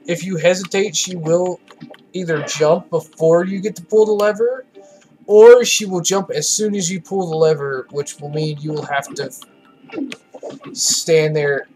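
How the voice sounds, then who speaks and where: A man talks over his gameplay in an unhurried, drawn-out ramble, his voice sitting a little on the high side. He sounds tired and swears freely, opinionated as he goes. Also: steady tone, a little mellow. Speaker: let's play gamer. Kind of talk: casual gameplay commentary.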